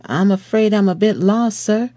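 A careful, polite young man answers questions gently, as a male narrator gives him voice. He keeps his tone soft and deferential, saying "sir" with cautious respect. The recording is close and dry, with no room sound at all. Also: high voice, normal speed, dry recording, pitched above the performer's own voice, natural voice. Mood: nervous. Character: polite, nervous young man stopped by police.

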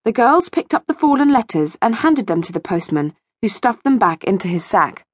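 A woman narrating a children's audiobook with expressive storytelling, recorded in a studio. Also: on the high side, normal speed, hardly any pauses, husky, no room sound. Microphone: studio mic.

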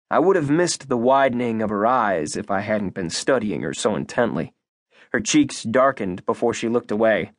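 A man narrating a first-person audiobook in an expressive, measured voice. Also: on the low side, dry recording, clean studio sound.

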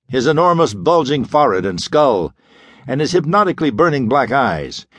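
A man's voice: mid-range voice, no room sound. A man narrating a classic pulp sci-fi audiobook in a dramatic, vivid storytelling manner.

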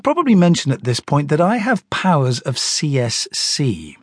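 A man narrating a children's audiobook in an animated storytelling manner. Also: on the high side, moderate pace, few pauses, husky, no room sound, clean studio sound.

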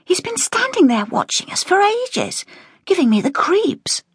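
A woman doing a high, excitable young woman. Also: a little fast, dry recording, studio quality. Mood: uneasy whisper. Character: young woman, sharp and nervy.

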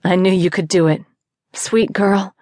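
Woman playing a soothing male best friend, young, gentle, dry close sound, audiobook scene. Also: high voice, fairly even intonation, a little slow, no room sound. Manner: gentle, reassuring.

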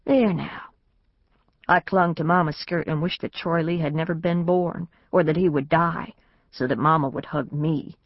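A woman's voice: low voice, fairly even intonation, moderate pace, no echo. A woman narrating a novel in the first person, in a plain storytelling manner. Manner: plain storytelling, lifts her voice for the family's lines. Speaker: audiobook narrator. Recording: dry, slightly dull studio recording.

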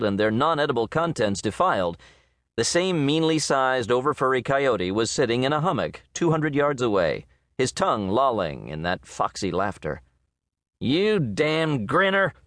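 A man narrating an audiobook story in a measured, expressive reading voice, recorded on a close studio mic. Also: medium pitch, dry recording. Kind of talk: scripted narration.

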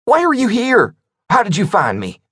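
A man's voice: mid-range voice, sing-song, unhurried, breathy edge, no room sound, studio quality, pitched above the performer's own voice, heavily acted. A man voicing a scared, nervous man on the run who talks in a quavering, pleading voice. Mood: panicked.

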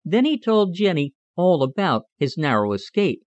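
A man's voice: a little high, very animated, moderate pace, dry recording, muffled recording. Male storybook narrator, dry sound. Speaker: audiobook narrator.

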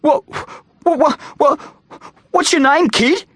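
A man voicing a boy school bully who tries to sound tough, his voice pitched high and shaky. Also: takes it slowly, a bit bright, no echo, studio quality, exaggerated voice. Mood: terrified. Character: boy school bully, blustering but scared.

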